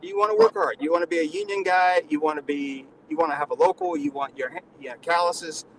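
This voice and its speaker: Nasal man, high and swooping voice, mock-condescending panel guest, faint noise behind. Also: wildly swooping pitch, a little fast, vocal fry, low-quality recording. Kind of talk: casual comedic panel chat.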